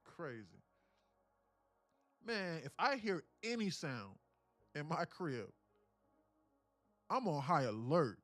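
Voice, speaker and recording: Slangy, profane man, slightly high voice. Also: takes it slowly, pauses often, no room sound, faint music behind. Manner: animated, profane storytelling full of slang. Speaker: day-trading livestream host. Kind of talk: casual chat while trading live.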